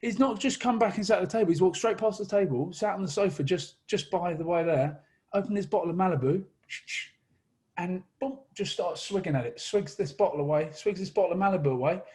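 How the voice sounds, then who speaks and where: An Englishman in his thirties, a rugby player, telling a long funny anecdote in casual chat, animated and quick to laugh. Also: high voice, breathy edge.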